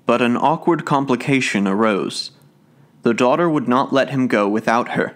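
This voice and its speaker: A man narrating folk tales as an audiobook reader, in a measured, steady reading voice. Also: mid-range voice.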